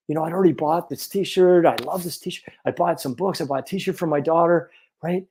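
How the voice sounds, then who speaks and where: A chiropractor in his fifties telling a personal story in an animated, earnest way. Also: on the high side, fairly quick, breathy edge. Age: 50s.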